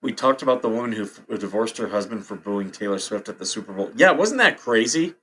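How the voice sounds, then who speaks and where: A man's voice: mid-range voice, a little fast, a bit bright, slightly rough. A man hosting a casual livestream, chatting with viewers, reading headlines aloud and reacting with frequent laughs. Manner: chatty, laughs often, reacts to chat and news. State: hiccups. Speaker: livestream host.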